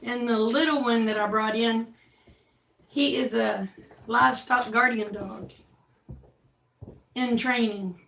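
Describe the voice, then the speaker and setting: High-voiced older woman coaxing her dogs. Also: steady tone, slow, vocal fry, pauses often, fairly bright tone, slight background noise. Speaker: vlogger showing her dogs. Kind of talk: casual home chat. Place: home room with dogs. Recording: roomy, distant from the mic.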